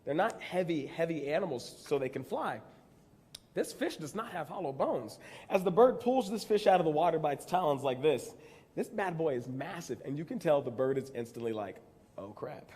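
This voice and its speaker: A young man from Texas speaks in a slightly high voice, telling a personal story to a conference audience. His delivery is animated and self-deprecating, with quick acted-out quotes. The sound rings with a long hall reverb. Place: large convention hall.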